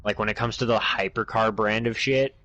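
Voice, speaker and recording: A man's voice: on the low side, fairly even intonation, a little fast, bright, forceful tone. A man chatting casually with a friend during online gameplay, laid-back and swearing offhandedly. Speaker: gaming friend on voice chat. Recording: noisy game audio behind.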